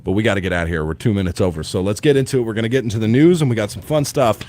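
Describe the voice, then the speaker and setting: A man chats on a morning radio show, his fairly low voice rolling through stories full of restarts and asides. He sounds at ease behind the studio mic. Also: very fast. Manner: rambling, animated storytelling with many restarts. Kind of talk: casual radio chat.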